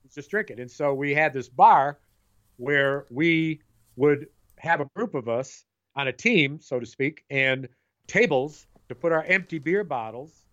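A middle-aged man with a bright, forceful voice tells rambling stories in casual conversation. He often restarts and repeats words. The recording sounds slightly dull and lo-fi. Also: fairly high pitch, animated, unhurried. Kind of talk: casual chat.

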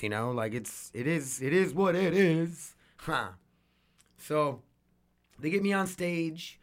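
A man's voice: on the high side, expressive, unhurried, fairly bright tone. Rambling, cursing man talking at home. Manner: rambling, swears freely, repeats words and restarts. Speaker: vlogger. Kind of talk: casual rambling monologue. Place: home room with laundry machine running.

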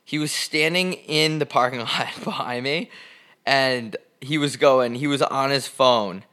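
A man's voice: medium pitch, measured pace. A young man co-hosting a podcast, casually telling stories, swearing freely and acting out the people he quotes. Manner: animated storyteller, swears, acts out quotes loudly. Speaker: podcast co-host. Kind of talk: casual storytelling chat.

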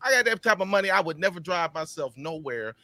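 Bright, fast-talking slangy man. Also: high-pitched, expressive, no echo. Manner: emphatic, slangy, profane. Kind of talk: casual banter among friends.

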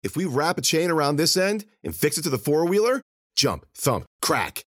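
Man voicing a brash, shouting teenage boy. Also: fairly high pitch, sing-song, normal speed, no echo, clean studio sound, voice pushed up. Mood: scheming. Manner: loud, shouting, bossy.

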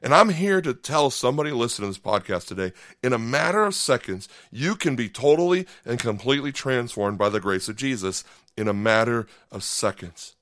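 A man's voice: medium pitch, expressive, fairly quick, a bit bright, no echo, studio quality. A man preaching a podcast sermon in a conversational way, acting out short voiced asides and often checking in with "okay?". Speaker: pastor.

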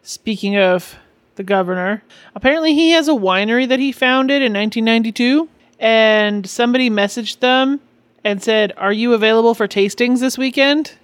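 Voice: mid-range voice, normal speed, no echo. A co-host in a casual podcast chat, adding brief, dry remarks.

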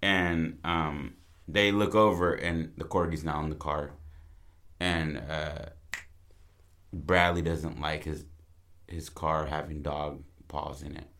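Man with a low voice, co-host, loose profane storyteller, chatty and rambling. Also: little pitch movement, slow, fairly bright tone. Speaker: podcast co-host pitching a film plot. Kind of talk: casual storytelling chat.

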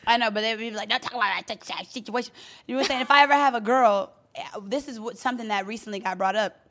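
Fast-talking woman podcast co-host. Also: fairly high pitch, a bit bright. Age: 30s. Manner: fast, chatty storytelling with laughs. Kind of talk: casual chat.

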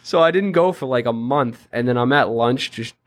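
A man's voice: mid-range voice, normal speed. A young man co-hosting a podcast, telling school stories in casual, slangy chat. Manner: animated storyteller, slangy. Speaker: podcast co-host.

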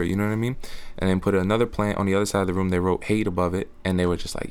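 Young male podcast guest with a very low voice, earnest and slangy. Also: flat delivery, rapid-fire, darkish tone, clear, resonant tone. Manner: earnest, slangy, restarts often. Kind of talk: casual podcast chat.

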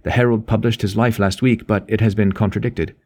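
Audiobook role: man reading as a restrained young politician, low and mellow, curt. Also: fairly even intonation, a little fast. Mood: subdued.

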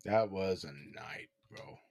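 A man with a deep voice joins a casual podcast conversation. He answers with short, blunt remarks and joking asides. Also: takes it slowly, darkish tone. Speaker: podcast co-host. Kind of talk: casual chat.

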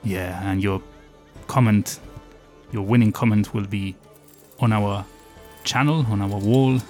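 A man's voice: on the low side, unhurried, a little mellow, faint music behind. A man co-hosting a tabletop game podcast, chatting casually and laughing often. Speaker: podcast co-host and player. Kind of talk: casual chat.

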